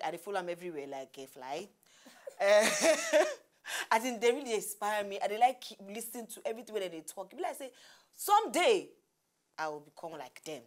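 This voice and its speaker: A Nigerian woman co-hosting a TV talk show, speaking Pidgin in a halting, playful way with frequent laughs. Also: fairly low pitch. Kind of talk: casual chat in Nigerian Pidgin.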